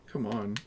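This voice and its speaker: A man's voice: lowish voice, noisy background. Profane, combative male streamer ranting. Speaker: live streamer. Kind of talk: live gaming stream commentary.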